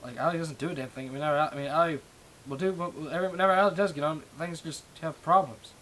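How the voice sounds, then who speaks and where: A man's voice: fairly high pitch, steady tone, fast talker, fairly bright tone, a little hiss or hum, poor audio. A man ranting casually on a live stream through a webcam mic. He swears often, rambles, and has a speech impediment with sh and ch sounds. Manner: profane, rambling, self-deprecating. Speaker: Minecraft server staff streamer. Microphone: webcam microphone.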